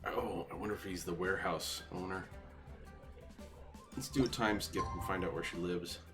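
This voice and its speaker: A man with a deep, low voice giving a relaxed let's-play commentary. He chats and jokes as he plays, curious and a bit nosy. Game music sounds clearly behind him. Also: normal speed. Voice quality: chatty, jokey, nosy. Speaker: gaming channel host. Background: video game music.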